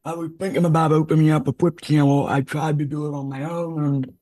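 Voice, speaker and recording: A man's voice: on the high side, little pitch movement, fairly quick, dark tone. A man talking as a guest on a video call, giving brief, friendly replies in casual chat.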